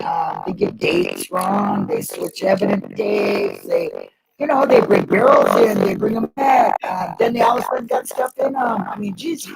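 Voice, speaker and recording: A woman's voice: very deep voice, vocal fry, low-quality recording. A woman co-hosting a livestream in casual chat, rambling and joking and laughing often. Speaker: co-host of a livestream.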